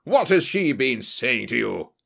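A fierce old doctor snarls his threats in a gravelly growl, as a man reads him out. He talks slowly and heavily, each word pressed hard. The tone stays bright and hard. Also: on the low side, animated, exaggerated voice. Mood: menacing. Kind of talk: audiobook character voice.

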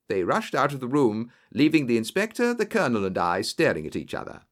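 A man narrates a story in a storytelling manner. His pitch swings widely from line to line, and he gives the people in it voices of their own. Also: fairly quick, hardly any pauses. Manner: lively storytelling with varied character voices. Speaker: audiobook narrator. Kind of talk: scripted narration.

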